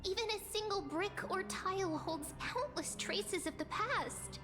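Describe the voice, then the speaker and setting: A woman's voice: extremely high pitch, lively intonation, a little slow, long reverb tail, music in the background. A woman voicing a curious young female companion in a game cutscene, with a light, lilting delivery. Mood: explaining.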